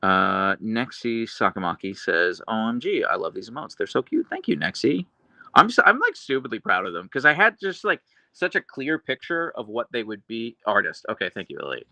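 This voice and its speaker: Casual streamer, male, deadpan dry delivery, bright gravelly tone, close dry sound. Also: lowish voice, normal speed, no echo. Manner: chatty, earnest, with restarts and laughs. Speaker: livestream host reading chat. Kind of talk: casual live stream chat.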